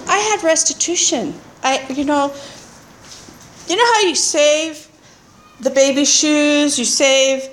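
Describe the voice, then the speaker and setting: High, lively woman, blunt and earthy, sharing at a recovery meeting, light noise behind. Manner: animated storytelling with frequent laughter. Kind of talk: personal testimony.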